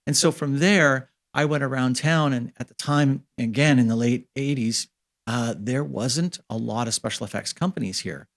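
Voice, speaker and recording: A man in his fifties from Canada with a voice of ordinary, middle pitch, talking as an interview guest. He tells long stories in a relaxed, chatty way and slips into the voices of the people he quotes, and his pitch jumps up when he acts out their lines. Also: normal speed. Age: 50s. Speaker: interview guest, special effects supervisor. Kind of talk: casual interview storytelling.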